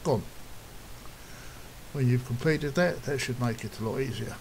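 A man calmly walking through a software task step by step, in a plain, instructive way, now and then clearing his throat. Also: medium pitch, measured pace, a little hiss or hum, low-quality recording. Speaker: software tutorial presenter. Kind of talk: step-by-step screen tutorial.

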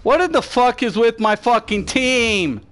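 A man's voice: extremely high pitch, animated, unhurried, fairly bright tone, faint music behind. A man hosting a gaming channel, ranting profanely and trash-talking during live gameplay commentary.

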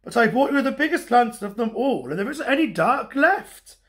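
A man doing a gentle, patient big bear. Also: a little high, sing-song, takes it slowly.

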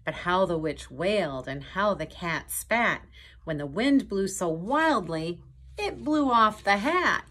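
A woman reading a picture book aloud to children, pausing to point at pictures and ask them questions in a gentle way. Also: mid-range voice, expressive. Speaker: storytime reader. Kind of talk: children's storytime read-aloud.

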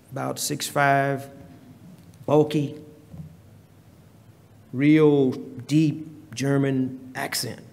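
A man preaching a sermon in a church, leading a prayer and telling stories in a slow, deliberate manner. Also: medium pitch, a little mellow. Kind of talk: sermon with hymn singing and prayer. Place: church sanctuary. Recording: reverberant church hall.

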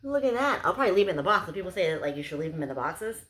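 A woman's voice: lowish voice, big pitch swings, rapid-fire, a bit bright. A young woman chatting casually to camera as she unboxes gifts, gushing and bubbly, with lots of "like"s. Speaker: unboxing vlogger.

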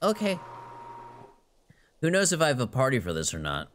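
Animated, joking man playing a game. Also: mid-range voice, moderate pace. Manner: joking, sweary, talks to the game. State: losing his voice. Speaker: gaming YouTuber. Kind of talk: casual let's play commentary. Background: faint game music.

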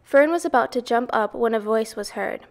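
Woman, fairly high voice, children's storybook read-aloud, measured, expressive narration. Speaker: reader.

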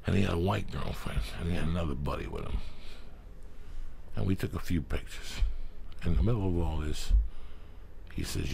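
Gravelly, profane podcast host man. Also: sits low, fairly quick, long pauses, a little hiss or hum. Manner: loud, emphatic, swears freely. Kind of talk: profane, rambling ad reads.

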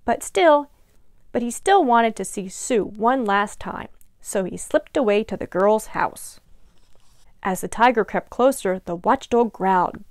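A woman librarian reading a picture book aloud to young children in an expressive, animated way. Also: medium pitch, measured pace, no echo, clean studio sound. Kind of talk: children's storytime read-aloud.

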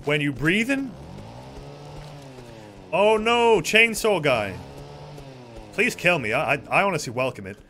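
A man's voice: on the high side, big pitch swings, a little slow, long pauses, sharp tone, a little hiss or hum. A man streaming a horror game, commenting casually with sarcastic, exasperated swearing.

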